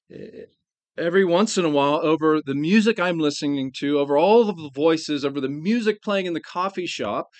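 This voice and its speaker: With earnest conviction, a man preaches as a pastor, easing his pace to emphasize important phrases. His voice is medium in pitch, and the audio carries no room sound.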